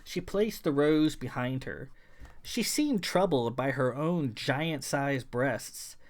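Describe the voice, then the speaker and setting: Male author narrating sci-fi fiction, measured, even storytelling read. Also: mid-range voice. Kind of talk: audiobook narration.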